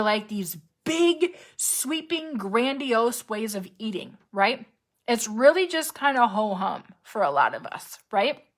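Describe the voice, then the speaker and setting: A woman health coach talks straight to her listeners in a casual, upbeat motivational style, leaning on "like" and "right?". Her voice sits fairly high, and she slips into quick, panicky inner voices to make her point. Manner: casual, animated, lots of "right?" and "like"; acts out panicky inner voices with sharp jumps in pitch. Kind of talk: motivational talk to camera.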